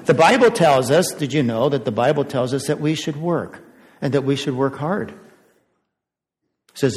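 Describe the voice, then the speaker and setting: An older man leads a children's sermon in an echoey church sanctuary, chatting, posing questions to the kids and chuckling frequently. His mid-range voice is animated and a little mellow, at a moderate pace with long pauses.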